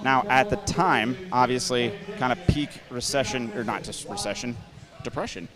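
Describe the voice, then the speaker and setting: Man, live commentator, chatty, enthusiastic, mid-pitched voice. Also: normal speed, crowd noise. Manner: chatty, enthusiastic about cars. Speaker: co-host and commentator.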